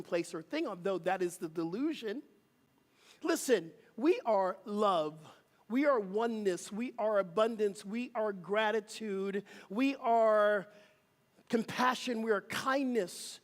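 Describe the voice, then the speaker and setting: Speaking at a measured pace from a church sanctuary, a minister delivers an emphatic, rhythmic sermon and leads his congregation in call and response. His voice sits at a middle pitch, and the hall adds a long, lingering reverb.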